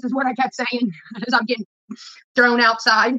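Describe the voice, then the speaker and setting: A woman's voice: on the high side, fairly even intonation, fast talker, pushed and bright. A woman, ranting casually to her viewers in a blunt, profane, rambling way. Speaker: vlogger. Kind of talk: casual rant to camera. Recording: dull lo-fi phone audio.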